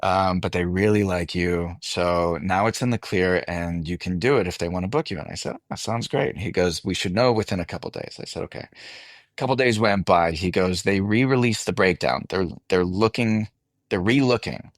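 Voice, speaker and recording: Male actor guest, low register, dry close mic, lively anecdotal delivery. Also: normal speed, dry recording. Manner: animated anecdote telling, voices others in quotes. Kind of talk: casual interview storytelling.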